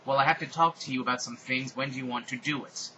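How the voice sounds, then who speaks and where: A man's voice: medium pitch, steady tone, fast talker, bright, forceful tone, dull audio, a little hiss or hum, close to an everyday voice. A man voicing a chummy young goth female teacher in a raised, breezy voice.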